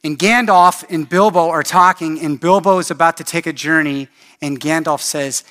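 A man's voice: on the high side, moderate pace, fairly bright tone. A male pastor preaching a sermon in an earnest, emphatic storytelling style with pleading appeals.

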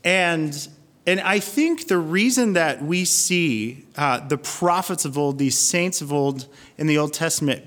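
A male pastor preaches in an earnest, conversational manner. His voice sits a little high and he speaks slowly. The sound carries a long reverb, as in a large hall. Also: a bit bright. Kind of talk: sermon.

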